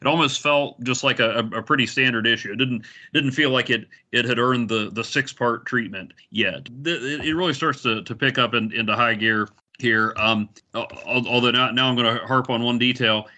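A man's voice: medium pitch, pushed and bright. A man in a casual podcast chat, restarting and repeating words as he works through his thoughts. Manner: halting, repeats words as he thinks. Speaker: podcast panelist.

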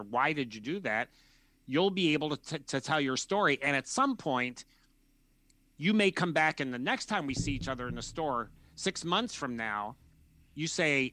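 A man who works as a counselor, explaining his approach in a measured, thoughtful way and acting out imagined dialogues. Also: fairly high pitch, lively intonation, pushed and bright, dry recording. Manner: acts out imagined dialogues in different voices. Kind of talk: explanatory conversation.

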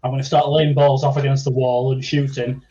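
A man's voice: mid-range voice, level tone, a little fast, warm tone, lo-fi sound. A man co-hosting a football podcast, swearing heavily in exasperated banter. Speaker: podcast co-host. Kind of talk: casual football podcast chat.

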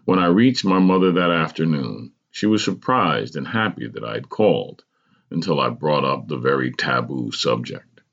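Male podcast host reading a memoir, measured and deliberate, low gravelly voice. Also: lively intonation, fairly bright tone, highs cut off. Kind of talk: reading a personal memoir aloud.

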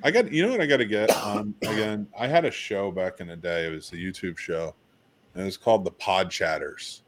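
Laid-back low-voiced man joking. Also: animated, brisk. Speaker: podcast host. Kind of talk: casual chat.

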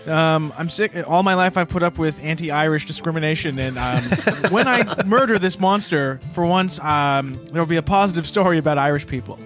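Touchy, earnest patchwork bard, played by a man: defensive, fairly high voice. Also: normal speed, hardly any pauses, fairly bright tone, faint music behind, close to an everyday voice. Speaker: podcast host, player.

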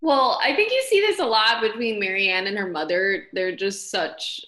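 A woman's voice: mid-range voice, expressive, normal speed, sharp tone, roomy sound. A woman discussing a book casually, with opinionated asides.

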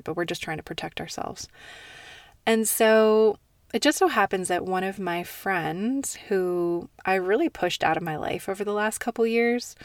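A woman hosting a podcast, speaking in a soft, earnest and confiding way that sometimes drops to a near-whisper. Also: lowish voice, gravelly, no room sound, recorded from a distance. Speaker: podcast host. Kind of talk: intimate personal monologue.

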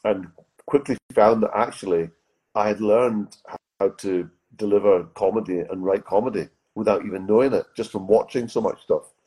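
A man's voice: on the low side, moderate pace, warm tone, husky, poor audio. A middle-aged man chatting as a podcast guest, telling rambling anecdotes full of restarts. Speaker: guest, comedy writer and actor. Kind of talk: casual podcast interview.

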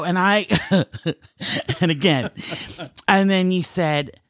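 A woman's voice: fairly low pitch, extremely slow, pauses often, no room sound, studio quality. A woman co-hosting a podcast, telling a story in casual chat, laughing often and acting out the lines she quotes. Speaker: podcast co-host.

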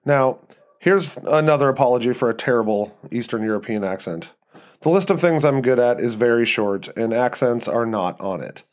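A man reading a story aloud as narrator and host of his podcast, in an even, measured way. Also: mid-range voice. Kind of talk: scripted narration.

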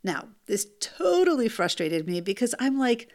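A woman, a mother, telling a first-person story in an animated, emphatic way, with rhetorical asides to the listener. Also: a little high, normal speed, hardly any pauses.

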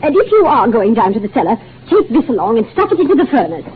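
An actress playing a domineering, scolding wife in a 1940s radio drama, on a tinny old broadcast. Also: female voice, on the high side, big pitch swings, fast, slightly rough, full character voice. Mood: nagging. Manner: scolding, commanding, belittling. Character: domineering bossy middle-aged wife.

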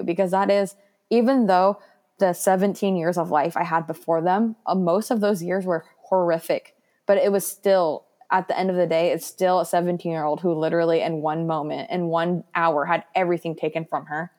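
This is a young woman speaking in a voice set a little lower than most. She is candid and reflective as she talks, earnest and loose, with plenty of "like" fillers along the way. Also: fairly even intonation, a little fast, darkish tone. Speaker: guest sharing her foster care story. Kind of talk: candid personal interview.

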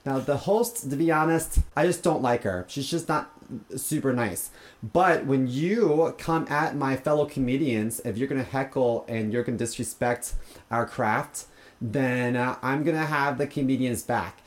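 A male stand-up comedian recounting a night at a club in a loose, conversational way. He talks bluntly and swears freely, at an ordinary mid-range pitch. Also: normal speed. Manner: blunt, profane storytelling. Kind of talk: casual anecdote telling.

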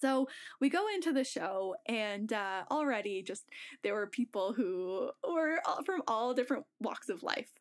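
A woman's voice: a little high, animated, a little slow. A young woman casually telling a story on a podcast, laughing often and acting out the voices she quotes.

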